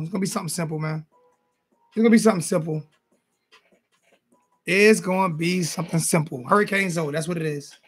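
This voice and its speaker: A man's voice: sits high, husky. A man hosting a casual sports talk show, loose and joking, often repeating his phrases. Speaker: host. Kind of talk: casual call-in chat.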